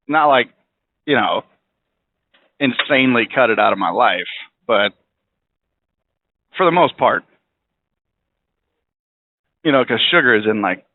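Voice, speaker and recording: A man's voice: mid-range voice, no room sound. A man hosting a podcast, rambling bluntly and swearing freely while driving in a car. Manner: rambling, profane, blunt opinions. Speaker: podcast host. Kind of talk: casual monologue. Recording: tinny phone-like audio.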